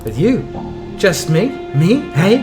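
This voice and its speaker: A man's voice: high voice, very animated, slow pace, music in the background, voice pushed up, exaggerated voice. A man voicing a grimy, suspicious male merchant from the slums, who talks in wheezy, clipped, broken phrases.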